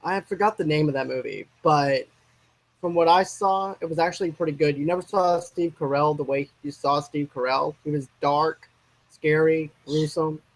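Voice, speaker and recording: A man's voice: fairly high pitch, steady tone, moderate pace, low-quality recording. A man co-hosting a casual movie discussion, rambling and restarting his sentences as he works through his opinions. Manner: rambling, restarts and trails off mid-thought. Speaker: co-host of a movie discussion channel.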